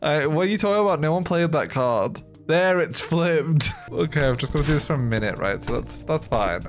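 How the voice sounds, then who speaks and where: A man streaming live, chatting casually with his viewers in an excitable, swearing, often laughing way. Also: on the high side, fairly quick, soft background music.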